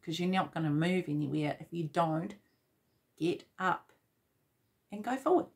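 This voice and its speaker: A woman giving a tarot reading at an unhurried pace. She urges the listener on and repeats her points, addressing them directly. Her voice sits a little low for a woman. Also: creaky. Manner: encouraging, repetitive, direct address. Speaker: tarot reader.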